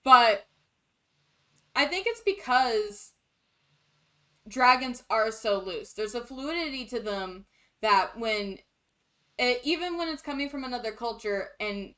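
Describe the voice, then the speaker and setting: Bright animated young woman chatting on a podcast, kinda high voice. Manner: animated, laughs often, blunt. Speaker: podcast co-host. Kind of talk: casual chat.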